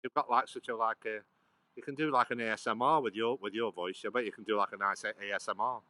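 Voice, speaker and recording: A man's voice: on the low side, steady tone, fast talker, pushed and bright, no room sound, rough recording. Chatty on-man on a walk. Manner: rambling, chatty, addresses viewers by name. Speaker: livestream host. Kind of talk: casual live walking vlog. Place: outdoors on a canal towpath.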